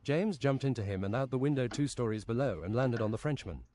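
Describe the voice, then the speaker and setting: A man reading an absurd fantasy story aloud on a stream in a deadpan, matter-of-fact way. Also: medium pitch, brisk, background noise.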